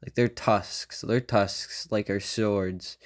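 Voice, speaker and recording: A man's voice: lowish voice, fairly even intonation, slow. A young man hosting a comedy podcast, rambling through a loose monologue and tagging nearly every phrase with "right?" or "you know?". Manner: meandering, constant "right?" and "you know?" tags. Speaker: podcast host.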